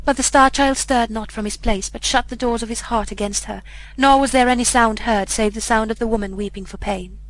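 A woman reading an old fairy tale aloud in a measured, even storybook narration. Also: fairly high pitch, low-quality recording. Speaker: audiobook reader.

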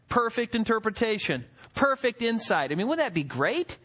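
A male pastor preaches in a high, expressive voice that swings widely up and down in pitch. He reads verses, puts rhetorical questions to the room, and slips into acted-out quotes of the people he describes, speaking a little fast with few pauses.

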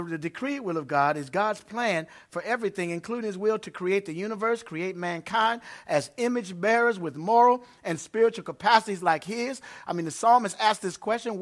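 A male pastor delivers a sermon in a church, his voice pitched high and strikingly bright. He preaches with emphasis and grows loud when he reads scripture. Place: church before a congregation.

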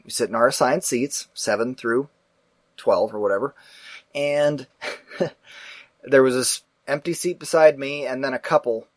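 A man hosting a casual talk show, telling a story in a profane, animated way and acting out the people in it. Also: medium pitch, no echo. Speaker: podcast host.

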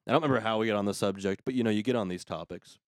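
A man's voice: fairly low pitch, very fast, no room sound. A man hosting a podcast, ranting crudely and sarcastically in casual comedic talk. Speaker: podcast host.

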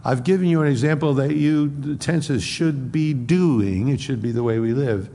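A man's voice: medium pitch, normal speed, vocal fry, dark tone, in a large hall. A man preaching an expository sermon as pastor, conversational and acting out quoted speech.

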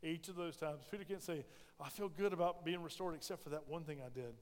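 Male pastor, high voice, sermon in a reverberant sanctuary, swings between loud emphasis and soft asides. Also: fast. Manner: preaching with rising emphasis and soft drops. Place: church sanctuary.

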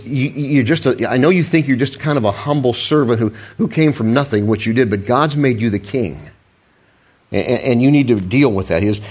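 A man preaching a conversational sermon, with frequent restarts, asides and questions to the congregation. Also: medium pitch. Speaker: pastor.

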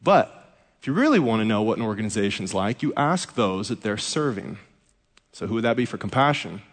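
A man's voice: on the low side, lively intonation, brisk. A man preaching a sermon as a pastor, telling a story with humor. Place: church sanctuary. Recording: echoey hall reverb.

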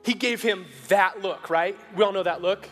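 A man preaching a sermon as pastor. He moves between hushed, slow storytelling and rising, forceful appeals, and acts out the Bible characters' lines in a casual, buddy-like voice. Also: high-pitched, faint music behind. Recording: long hall reverb.

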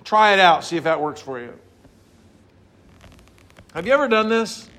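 Guy preaching, pretty high voice, gets real animated, acts stuff out. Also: normal speed. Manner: animated, acts out scenes and voices with big pitch swings. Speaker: pastor. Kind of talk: sermon.

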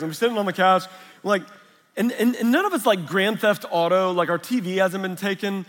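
A man's voice: sits high, a little fast, a bit bright. A man preaching a sermon, mixing chatty storytelling and humor with Scripture. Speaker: pastor. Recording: long reverb of a large hall.

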